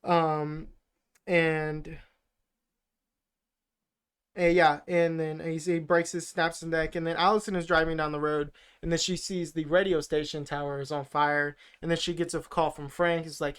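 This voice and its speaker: Smooth-voiced man rambling a movie recap. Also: fairly high pitch, little pitch movement, unhurried, fairly bright tone. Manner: rambling, filler-heavy retelling. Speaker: podcast co-host.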